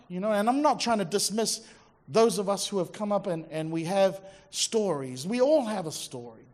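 A man preaching a sermon to a congregation in a conversational, emphatic way, dropping to a quiet, intense voice for quoted words. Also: sits high. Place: church service before a congregation.

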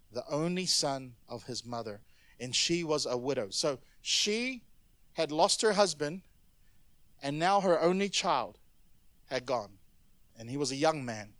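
Male preacher, fairly high voice, animated and conversational, dry close sound. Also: dry recording. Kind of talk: sermon.

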